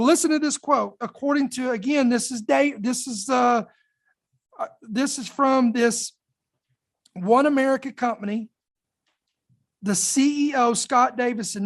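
Emphatic higher-pitched woman podcast host. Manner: emphatic, dramatic pauses, slow deliberate emphasis. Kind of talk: reading and commenting on news.

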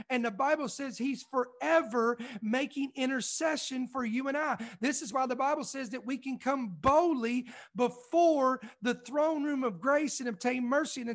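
High-voiced impassioned male preacher. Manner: impassioned, repetitive rhetorical questions building intensity. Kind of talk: short devotional sermon.

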